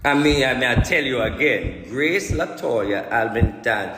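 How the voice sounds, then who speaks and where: A man's voice: medium pitch, animated, measured pace, background noise. A Jamaican man speaks as a self-proclaimed prophet, pressing each point with emphatic repetition. The sound rings through an echoey room, with a long reverb tail after each phrase. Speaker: self-styled spiritual prophet. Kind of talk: ranting monologue.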